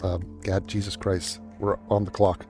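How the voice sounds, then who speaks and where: A man's voice: low voice, flat delivery, unhurried, warm tone, faint music behind. A man giving profane reaction commentary in a sarcastic, scornful tone. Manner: sarcastic, scornful, swears a lot. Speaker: commentary YouTuber.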